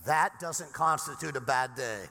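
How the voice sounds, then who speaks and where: Bright-voiced pastor preaching in a reverberant church. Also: male voice, medium pitch, unhurried, gravelly. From Southern California. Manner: animated, conversational preaching with frequent restarts. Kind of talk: sermon. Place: large church sanctuary. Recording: long reverb in a church hall.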